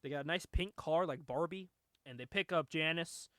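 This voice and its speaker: A man's voice: a little high, normal speed, sharp tone, dry recording, studio quality. A man hosting a podcast, giving a casual comic book recap with frequent laughter and filler words. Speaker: comic review podcast host.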